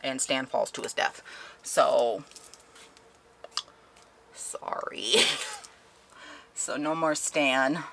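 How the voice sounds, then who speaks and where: A woman's voice: extremely low pitch, steady tone, slow, gravelly, pauses often, background noise. A young woman chatting animatedly through a book review, laughing often as she retells the plot. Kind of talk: casual spoken book review.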